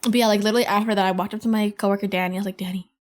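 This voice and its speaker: A woman's voice: medium pitch, fairly even intonation, racing. A woman in her twenties hosting a podcast, chatting casually with profane, slangy banter and frequent laughter. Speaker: podcast host. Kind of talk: casual chat.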